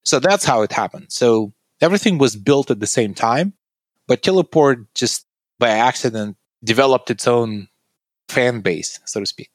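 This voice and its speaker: A man's voice: animated, moderate pace, no room sound. Earnest male tech founder, dry sound. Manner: earnest, explanatory, pitching his product. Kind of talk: interview answers.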